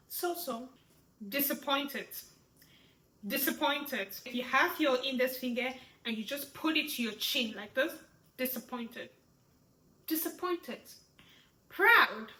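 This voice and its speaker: A woman teaching sign language, walking through each sign slowly and repeating words, checking in with "right?". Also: high voice, bright, forceful tone. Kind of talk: slow step-by-step lesson. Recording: echoey room.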